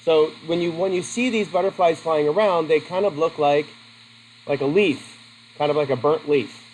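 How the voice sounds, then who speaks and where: A man's voice: a little high, moderate pace, a little mellow, a little hiss or hum, rough recording. A man teaching a class in a classroom, chatty and asking his students questions. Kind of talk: classroom lesson.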